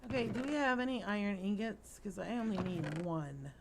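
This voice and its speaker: A woman's voice: medium pitch, normal speed, creaky, noisy background. A middle-aged woman hosting a let's play, tired and yawning as she rambles through chatty stories while she plays. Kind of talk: casual gameplay chat.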